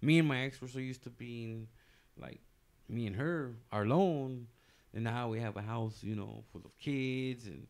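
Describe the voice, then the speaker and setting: A man with a gravelly, creaky voice tells a personal story in casual podcast chat. He rambles loosely, doubling back on himself with plenty of fillers and restarts. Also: medium pitch, moderate pace. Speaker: comedian podcast guest telling a story.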